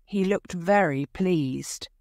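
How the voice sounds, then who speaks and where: A woman teacher reading a graded story aloud for English learners, clear and careful. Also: fairly low pitch, takes it slowly, darkish tone, dry recording, clean studio sound. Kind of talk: slow scripted story narration for learners.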